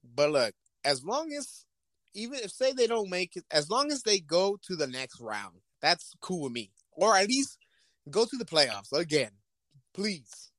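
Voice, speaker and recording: Dry and unhurried, a high-pitched male podcast co-host chats casually about football. He swears freely, stays animated, and plays out imaginary exchanges by switching between voices.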